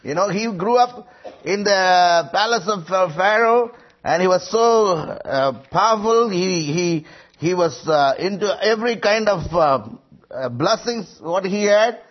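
Husky-voiced man preaching a sermon. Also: high-pitched, animated, a little slow. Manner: emphatic, rising voice on quoted lines; frequent hesitations. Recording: muffled lo-fi recording.

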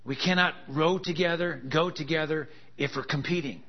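A man's voice: a little high, steady tone, normal speed. A man preaching a sermon, with joking, laughing asides and emphatic contrasts that build in intensity. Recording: dull lo-fi sound.

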